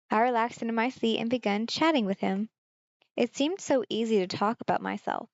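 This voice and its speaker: A woman's voice: fairly high pitch, brisk, vocal fry, no echo, dull audio. A woman from Germany streaming a visual novel, reading the story aloud and chatting with viewers in asides.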